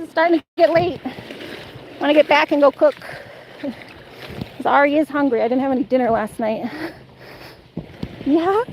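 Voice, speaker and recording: A high-voiced woman talks breathlessly into her phone on an outdoor beach. She is playful and quick to laugh, switching into a sing-song baby voice for her dog. A faint outdoor hum sits underneath. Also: darkish tone, low-quality recording. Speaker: vlogger live-streaming a dog walk. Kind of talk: casual live-stream chat.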